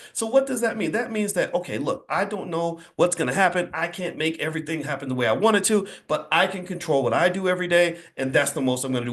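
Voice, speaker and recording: A man giving a motivational speech to a live audience, with an emphatic, preacher-like cadence, repeated phrases and blunt folksy asides. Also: high-pitched.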